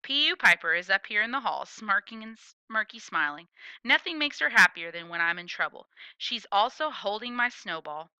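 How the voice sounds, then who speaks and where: A woman reading a first-person children's story aloud in a playful, expressive way. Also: medium pitch, normal speed, clean tone, dry recording, highs cut off. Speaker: audiobook reader.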